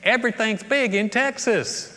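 A man voicing a patient Southern waitress who calmly calls her customer darling. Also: very high-pitched, normal speed, pitched above the performer's own voice. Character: drawling Southern waitress, unflappable. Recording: long reverb of a large hall.

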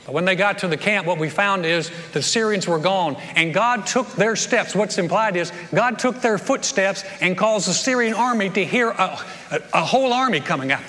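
A middle-aged male pastor preaching a sermon, telling the story in an animated way and repeating words as he goes. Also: high-pitched, moderate pace, few pauses. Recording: long reverb of a large church hall.

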